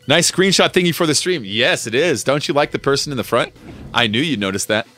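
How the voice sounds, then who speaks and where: A man hosts a casual gaming livestream, chatting loosely with friends and calling out to viewers by name. His voice is bright and forward, with a lively pitch that jumps around as he talks. Faint game music plays underneath. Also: brisk. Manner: chatty, laughs often, greets chat viewers. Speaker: livestream host. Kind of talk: casual gaming stream chat.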